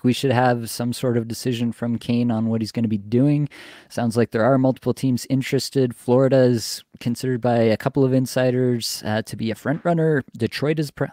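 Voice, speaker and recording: A man hosting a casual podcast, talking in a relaxed, chatty way with lots of fillers. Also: medium pitch, dry recording, clean studio sound. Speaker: podcast host. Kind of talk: casual fantasy hockey podcast chat.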